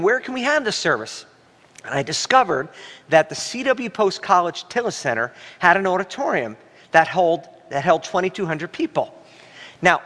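High-pitched pastor preaching in a reverberant hall. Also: male voice. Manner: animated storytelling, voice rising high when quoting himself. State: coughing now and then. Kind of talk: sermon.

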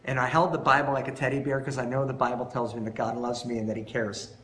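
A man preaching a sermon as pastor, conversational and animated, telling stories and asking rhetorical questions. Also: medium pitch, fast, echoey room, a little hiss or hum. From Long Island, New York.

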